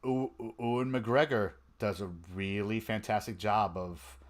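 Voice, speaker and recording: Excitable male podcast host, lowish voice. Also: a little slow. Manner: excitable, laughs often, many fillers. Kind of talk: casual fan podcast chat.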